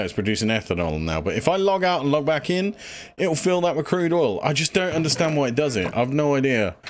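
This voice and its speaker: Breathless man, game streamer, rambling casual chat, mid-pitched. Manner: rambling, lots of fillers, thinks aloud. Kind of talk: casual gameplay livestream chat.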